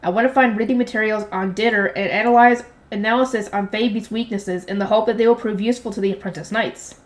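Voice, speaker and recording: Reading a light novel out loud, a young woman talks fast in a mid-range voice with fairly even intonation. She gives the characters light voices and drops into slangy, offhand asides.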